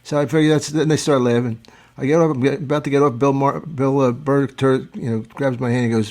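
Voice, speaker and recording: A man's voice: medium pitch, fairly even intonation, quick pace, few pauses, darkish tone. An older man from Philadelphia, hosting a casual chat and telling blunt, profane stories. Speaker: host.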